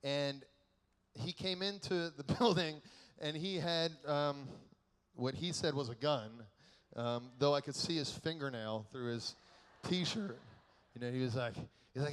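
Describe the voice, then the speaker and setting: A man giving a keynote sermon at a youth conference, telling stories in an animated, joking way and acting out the people in them. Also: on the high side, a little slow, clear, resonant tone. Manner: animated, joking storyteller who acts out quotes. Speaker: keynote speaker. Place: large conference hall. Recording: echoey large hall.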